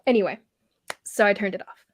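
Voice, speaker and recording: A woman's voice: medium pitch, brisk, dry recording. A woman narrating as a tabletop game master, rambling with many fillers and self-corrections.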